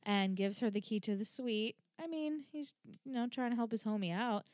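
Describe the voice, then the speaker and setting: A woman's voice: fairly high pitch, expressive, moderate pace, a little mellow, dry recording, clean studio sound. A woman co-hosting a podcast, chatting casually and acting out characters' lines as she recaps an episode. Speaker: podcast co-host.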